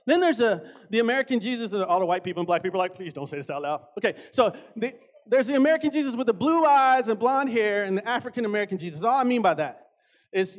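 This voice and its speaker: A man with a high voice preaches a conversational sermon in an animated way. He stretches key words for emphasis and often turns to the audience with asides.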